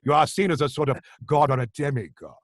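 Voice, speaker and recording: A man impersonating a grand, self-regarding older actor who speaks slowly and pompously over a video call. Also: fairly high pitch, no echo, clean studio sound, natural voice. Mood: grandiose. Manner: slow, plummy, pompous delivery.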